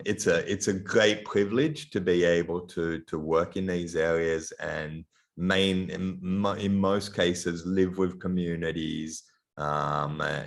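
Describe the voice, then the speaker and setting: Over a video call picked up by his computer mic, a middle-aged guest lecturer with a blended Australian and European accent gives an online lecture. His low voice carries vocal fry, and he speaks haltingly with many ums and restarts.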